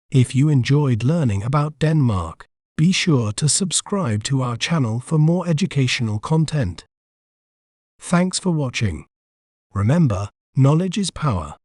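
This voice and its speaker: A man's voice: medium pitch, big pitch swings, a little mellow, no echo, studio quality. A man narrating a scripted pronunciation lesson, sounding out a word syllable by syllable. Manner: slow syllable-by-syllable pronunciation drills. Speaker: pronunciation guide host.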